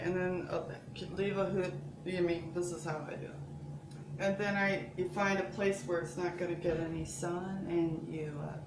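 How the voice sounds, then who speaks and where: A woman chatting her way through a casual home cooking demonstration, rambling and interrupting herself as she goes. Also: deep voice. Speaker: home cook showing recipes. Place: home kitchen. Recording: echoey room with background noise.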